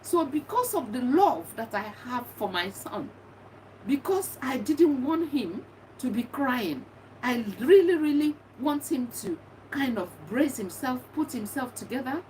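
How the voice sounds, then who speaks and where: A woman's voice: high-pitched, animated, unhurried, a little mellow, distant mic, a little hiss or hum, rough recording. A middle-aged woman earnestly telling a personal story of grief, repeating herself as she reflects. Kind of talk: personal testimony monologue.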